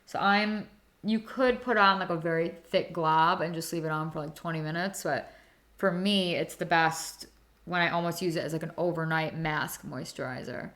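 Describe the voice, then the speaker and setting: Doing skincare live, a young host chats with her viewers in a deep, slightly bright voice at a moderate pace. She's giggly, responding to comments casually.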